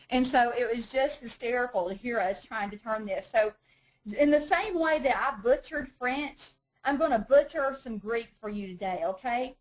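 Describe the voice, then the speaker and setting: Woman, fairly high voice, chatty and self-deprecating, teaching a women's Bible study to a live group. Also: poor audio. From North Georgia, USA.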